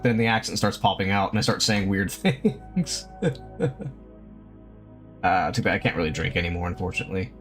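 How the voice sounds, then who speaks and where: A man's voice: fairly low pitch, expressive, normal speed, soft background music. A man streaming live, chatting casually while he draws. He rambles, laughs often and swears freely.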